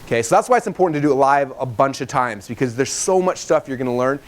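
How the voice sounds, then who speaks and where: A man in his thirties teaching a live seminar to a room, fast and animated, acting out dialogue in his stories. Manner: fast, animated storytelling, acts out dialogue in higher voices. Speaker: webinar trainer.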